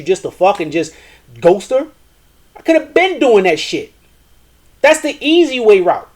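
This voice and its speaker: A man with a notably high voice holds forth on a live show from his porch. He talks bluntly and profanely, in a preachy and casual way. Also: expressive, normal speed. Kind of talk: casual commentary on relationships. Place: porch, outdoors.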